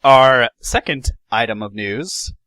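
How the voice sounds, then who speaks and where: A man's voice: mid-range voice, animated, slow pace, bright, forceful tone, smooth, no room sound, low-quality recording. A man hosting a podcast, chatting casually about game news and often restarting his sentences. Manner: rambling, many restarts and fillers. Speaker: podcast host. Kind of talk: casual gaming news chat.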